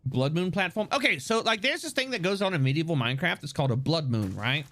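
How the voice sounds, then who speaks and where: A male streamer chatting with viewers as he plays, rambling and playful, with the odd curse and plenty of laughs. His voice sits a little high and swings widely in pitch. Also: big pitch swings, fast talker, a bit bright. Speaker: live streamer. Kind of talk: casual live-stream chat while gaming.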